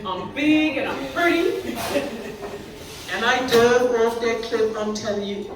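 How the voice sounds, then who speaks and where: A Bermudian woman in her sixties performs stand-up at a party venue before a live audience, telling chatty stories, breaking into laughter, and drawing laughter from the crowd. Her fairly high, expressive voice moves slowly. The recording is echoey and noisy, with the mic far off.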